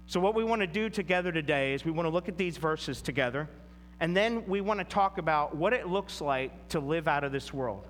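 A man's voice: a little high, a little fast, fairly bright tone, big-room sound, slight background noise. A man preaching a sermon, reading scripture aloud and then explaining it with rising emphasis. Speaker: pastor.

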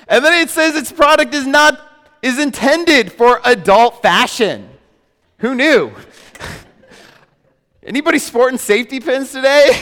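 A man preaching a sermon as a pastor, animated and joking with his congregation. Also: very high voice, unhurried, long pauses. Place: large church hall. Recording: hall reverb.

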